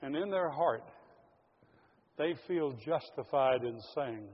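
A man's voice: medium pitch, expressive, takes it slowly, breathy edge. A man preaching a sermon to his congregation, earnest and direct, calling them folks. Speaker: pastor. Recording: lo-fi audio in a large reverberant hall.

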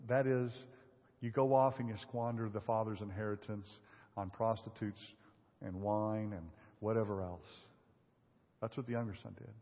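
A man preaching a sermon in a large hall, his voice trailing into long reverb. He reads scripture passages aloud and then talks them through in a relaxed, conversational way, with the occasional filler. The audio is dull and muffled. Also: fairly low pitch, moderate pace. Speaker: pastor.

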